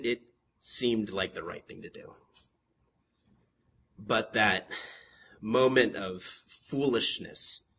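A man pastor preaching a sermon to his congregation, moving from calm teaching to impassioned, emphatic questioning, with joking asides to the congregation. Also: fairly low pitch, slow pace, pauses often, husky. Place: church sanctuary with a congregation.

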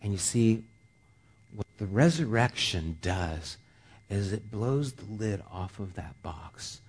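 A middle-aged pastor preaching a sermon, moving between quiet, slow passages and raised, emphatic ones, with casual fillers in his stories. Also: fairly low pitch, animated, slightly rough. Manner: storytelling asides with casual fillers. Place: church sanctuary.

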